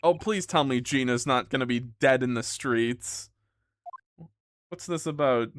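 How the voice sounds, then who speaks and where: A young man casually chatting on a live stream while playing a game, animated and quick to laugh. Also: mid-range voice, slight background noise. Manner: animated, laughs often, breaks into loud outbursts. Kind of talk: casual live-stream chat, reading game lines aloud.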